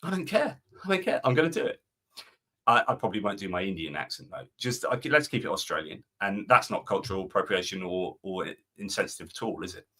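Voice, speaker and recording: A man's voice: deep voice, expressive, quick pace, bright, forceful tone. A man hosting a live stream, chatting, reading viewer comments and giving rambling opinions. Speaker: host.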